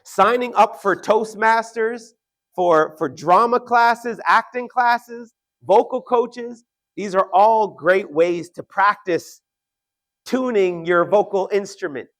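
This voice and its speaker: A man giving an earnest motivational talk to an audience, slowing down to stress key points and often checking in with "right?". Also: high voice, a bit bright. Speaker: motivational speaker.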